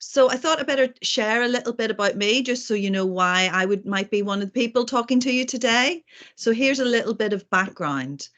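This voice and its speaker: A woman's voice: fairly high pitch, fairly quick, a bit bright. Woman giving an online talk, chatty, jokey about herself, lots of ums. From not from Manchester. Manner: chatty, self-deprecating, many ums. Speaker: host and speaker. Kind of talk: presentation.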